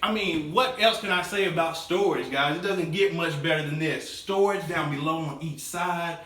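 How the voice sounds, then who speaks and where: A man hosting a walkthrough home tour, pitching each room to viewers with salesman enthusiasm. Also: normal speed, fairly bright tone, recorded from a distance, faint music behind. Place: inside a show home, bare rooms. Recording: very echoey room, voice from off the mic.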